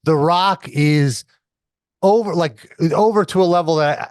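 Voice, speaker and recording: A man's voice: on the high side, measured pace, a little mellow, clear, resonant tone, dry recording, studio quality. A man hosting a casual podcast, recapping an old episode in an explanatory way, with frequent fillers and some somber asides. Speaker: podcast host reviewing wrestling episodes.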